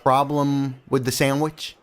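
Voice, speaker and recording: A man voicing a gruff, chatty diner cook who pries for gossip, in an audiobook. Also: medium pitch, little pitch movement, slow pace, close to an everyday voice. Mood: nosy chatty. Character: gruff, nosy male diner cook, middle-aged.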